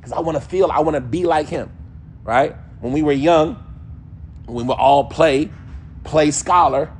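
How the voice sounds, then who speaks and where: A man giving a casual, animated religious lesson, now and then mimicking other people's voices and accents. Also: a little high, moderate pace, a little hiss or hum. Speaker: Islamic teacher.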